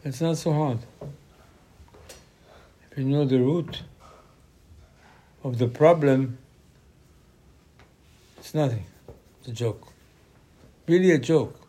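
A man's voice: medium pitch, slow pace, long pauses, mellow, breathy edge. A man giving an informal Torah lecture, arguing through rhetorical questions with his voice rising sharply.

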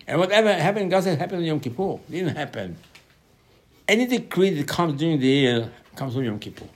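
A man giving a Torah class sermon, animated, asking and answering his own questions, with sudden loud emphasis on key lines. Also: fairly high pitch, brisk. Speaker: Torah teacher.

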